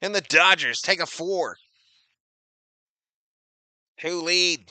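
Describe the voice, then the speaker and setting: A man's voice: sits high, slow pace, sharp tone, dry recording. A man giving casual, slangy fan play-by-play of a baseball game, laughing often and reading chat comments aloud. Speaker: live-stream baseball commentator.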